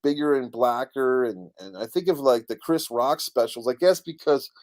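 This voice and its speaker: A middle-aged man hosting a casual live stream, rambling about a comedy special and reading viewers' comments aloud. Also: mid-range voice. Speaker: online show host reading chat comments.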